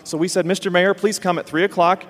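A man hosting a ministry program, telling a lively story and acting out what people said. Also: high voice, fast. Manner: animated storyteller acting out quotes. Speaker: host. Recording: long hall reverb.

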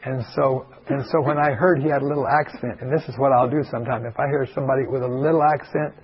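A man's voice: medium pitch, fairly even intonation, fast talker, highs cut off, slight background noise. A man who is a pastor, telling a folksy, rambling story with many asides to an audience in a meeting hall. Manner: rambling, digressive, full of asides.

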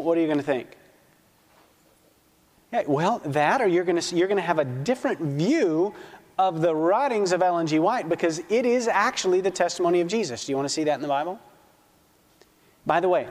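A man's voice: a little high, in a large hall. A male pastor giving a sermon, asking the audience questions and telling stories with energy. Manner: questions the audience, animated storytelling.

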